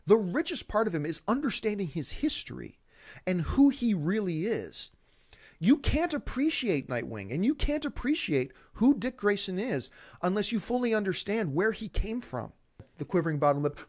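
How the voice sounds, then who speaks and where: A man's voice: high voice, very animated, normal speed, darkish tone. A man hosting a rant show, speaking in an exasperated, emphatic and sarcastic way. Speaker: host. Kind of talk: opinion rant.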